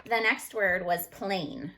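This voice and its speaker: A woman teacher going over a phonics lesson on a video call, slowly sounding out letters and words. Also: medium pitch, fairly even intonation, sharp tone. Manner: slow, deliberate, sounds out each letter. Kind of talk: recorded phonics lesson review.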